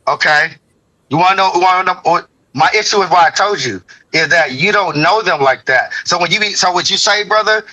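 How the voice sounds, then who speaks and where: During a live stream debate, a man from Oregon, USA, argues heatedly, confrontational and profane, repeating himself. His voice sits high with a sharp tone, and the recording is rough.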